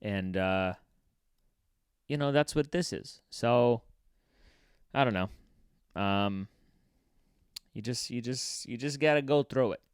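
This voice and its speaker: A man's voice: mid-range voice, slow pace, pauses often, smooth, no room sound, clean studio sound. A man hosting his comedy podcast, rambling through a profane, offhand solo monologue. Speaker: podcast host.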